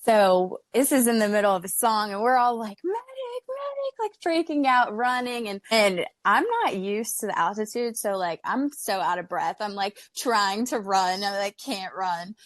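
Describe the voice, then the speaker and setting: A young woman, a guest on a podcast, telling a story in an excitable way with frequent "like.". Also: medium pitch, moderate pace, few pauses, dry recording. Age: young adult. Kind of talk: casual interview storytelling.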